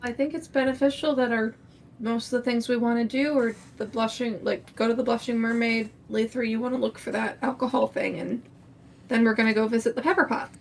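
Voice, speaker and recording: A woman's voice: on the high side, fairly even intonation, brisk, vocal fry, slight background noise. A woman playing a tabletop game, chatting casually as she plans the group's next moves. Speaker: player.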